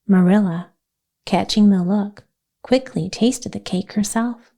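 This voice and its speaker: A woman narrating a calm, gentle sleep story audiobook in a soft, even way. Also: medium pitch, slow pace.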